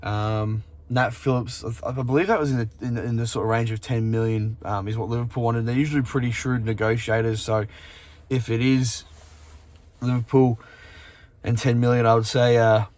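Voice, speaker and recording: A man's voice: medium pitch, steady tone, moderate pace, a little mellow. A man hosting a fan channel, chatting casually and sleepily about football with many fillers and restarts. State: sleepy, yawning. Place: outdoors in morning sun.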